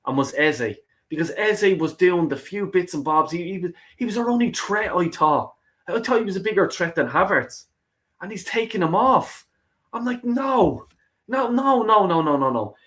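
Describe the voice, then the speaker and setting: A man's voice: high voice, lively intonation, moderate pace, a bit bright. A man hosting a football call-in stream, ranting heatedly and swearing heavily, often repeating himself. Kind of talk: heated fan rant.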